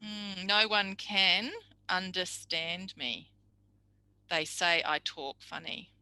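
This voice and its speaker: Bright, dry-sounding woman tutor. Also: medium pitch, no echo, low-quality recording. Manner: warm, chatty, explanatory with acted examples. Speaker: speech pathology tutor. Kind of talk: recorded tutorial lecture.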